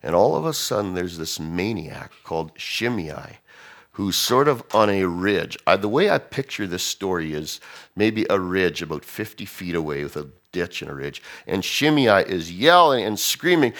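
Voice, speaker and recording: Deep gravelly-voiced preacher. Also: male voice, normal speed. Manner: animated, acts out quotes, drops to hushed tones. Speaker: pastor. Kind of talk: sermon.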